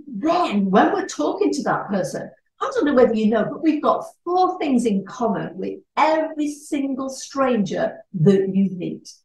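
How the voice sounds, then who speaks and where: A woman gives a networking training talk with an animated delivery, slipping into short acted-out exchanges. She sits back from the microphone. The room echoes noticeably around her. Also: a little high, unhurried. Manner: animated, acts out little dialogues. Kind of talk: presentation talk. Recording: echoey room, distant mic.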